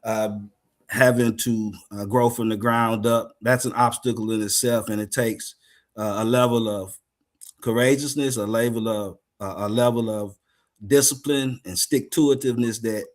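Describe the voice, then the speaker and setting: A man speaking as a guest on an educators' panel, talking in a measured, reflective way with frequent pauses and fillers. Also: mid-range voice, steady tone. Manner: measured, grateful, many "uh" pauses.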